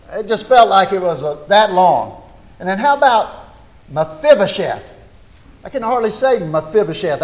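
Folksy older preacher, high voice. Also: male voice. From United States. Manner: homespun, chatty, rhetorical questions. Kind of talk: folksy sermon. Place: church. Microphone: microphone.

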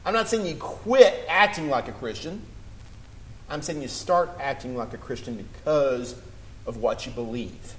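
A man preaching a sermon, earnest and building to emphatic appeals, with scripture read slowly. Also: medium pitch, animated, poor audio.

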